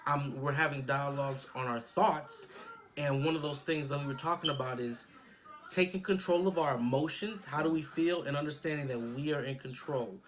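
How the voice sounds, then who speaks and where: A man's voice: a little high, moderate pace, fairly bright tone, a little hiss or hum. A man in his thirties co-hosting a casual podcast, speaking earnestly and reflectively, often checking in with "right?". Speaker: podcast co-host.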